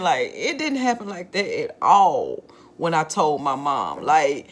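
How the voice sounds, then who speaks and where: Candid woman telling a personal story. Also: fairly low pitch. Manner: candid, conversational, frequent "like" fillers. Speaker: vlogger.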